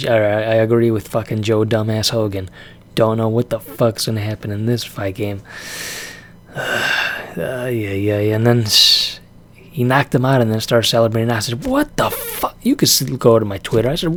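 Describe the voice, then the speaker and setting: A man's voice: fairly low pitch, slight background noise. A man ranting casually about a fight, profane and exasperated, breaking into laughs often. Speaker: vlogger reacting to a fight.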